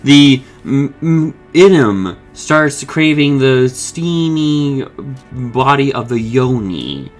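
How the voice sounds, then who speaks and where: A man's voice: medium pitch, big pitch swings, slow, faint music behind, pitched above the performer's own voice. A man voicing a theatrical, grandiose male sorcerer with a solemn, overblown delivery in a cartoon parody.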